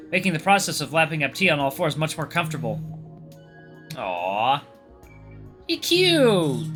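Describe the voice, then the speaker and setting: A young man reading a visual novel aloud with casual asides, expressive and lively. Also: on the high side. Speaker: gaming YouTuber.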